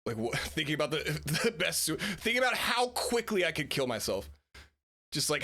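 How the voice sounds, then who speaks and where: A man streaming, reacting to videos with animated, swearing commentary and frequent laughter. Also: a little high, moderate pace.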